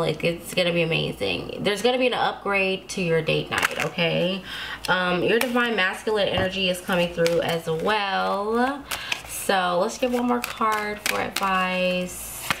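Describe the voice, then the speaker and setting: A woman's voice: mid-range voice, gravelly, a bit bright, a little hiss or hum. A woman giving a casual tarot reading to her viewers, chatty and reassuring, often laughing to herself. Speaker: tarot card reader.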